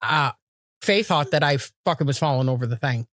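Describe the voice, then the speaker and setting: A woman co-hosting a podcast chats casually, telling rambling stories, swearing freely and acting out voices. She has a bass voice and speaks briskly and expressively, recorded in studio quality with no echo.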